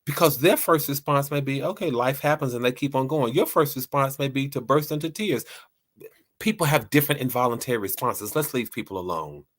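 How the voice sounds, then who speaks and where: A man's voice: mid-range voice, brisk. A man hosting a talk show, speaking lightheartedly to his listeners and often restarting and repeating words as he rambles. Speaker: host.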